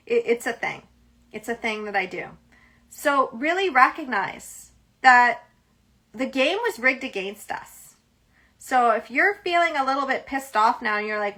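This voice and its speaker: Solo podcast host, middle-aged woman, bright tense voice, emphatic and blunt. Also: on the high side. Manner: emphatic, blunt, swears freely. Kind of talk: casual solo monologue.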